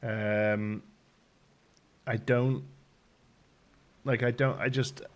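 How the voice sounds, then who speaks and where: A man's voice: medium pitch, little pitch movement, extremely slow. A man hosting a casual live stream, greeting viewers by name and rambling with ums while out of breath.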